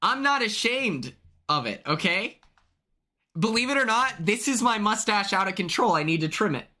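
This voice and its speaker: A young man chatting casually on a live stream, excitable and chatty, greeting viewers by name from his home. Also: sits high, normal speed.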